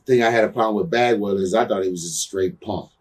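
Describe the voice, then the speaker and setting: A man's voice: fairly low pitch, fast, far from the mic. A man being interviewed as a guest, telling stories bluntly with lots of cursing and "you know what I'm saying". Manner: heated when recounting grudges. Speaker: interview guest, former pro wrestler. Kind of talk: candid shoot interview storytelling.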